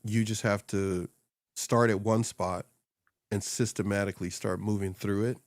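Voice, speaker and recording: A man's voice: on the low side, steady tone, moderate pace, no echo, clean studio sound. A man hosting a casual chat, coaching on social media in a loose, rambling way and laughing often.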